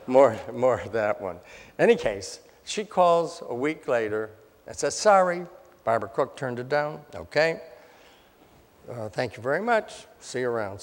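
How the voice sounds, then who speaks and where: Older man telling a wry story, hall reverb. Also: medium pitch. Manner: self-deprecating, wry, acts out quoted voices. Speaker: speaker telling his story. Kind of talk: anecdotal storytelling talk. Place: hotel ballroom.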